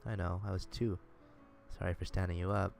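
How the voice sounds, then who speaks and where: A man's voice: low voice, fairly even intonation, a little fast, vocal fry, darkish tone, faint music behind. A man streaming live, reading a visual novel aloud in a sardonic, swearing manner.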